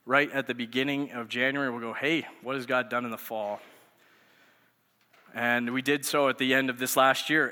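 A youth pastor in his thirties delivers a sermon through conversational storytelling. His medium-pitched voice has a sharp tone, and the recording carries echoey hall reverb.

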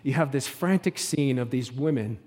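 A man preaching a sermon, moving from loud declarations to soft, hushed passages and acting out the scenes he tells. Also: medium pitch, moderate pace, long reverb tail. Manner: acts out the scenes he tells, with repeated words and restarts. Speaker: pastor.

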